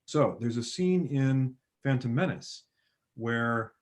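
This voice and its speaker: A man talking films in a relaxed podcast chat. He gets animated as he retells scenes, jumping to loud bursts when quoting characters. His voice sits at an ordinary middle pitch. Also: normal speed. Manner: animated storyteller, acts out film scenes with sudden loud bursts. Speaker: podcast guest. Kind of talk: casual film chat.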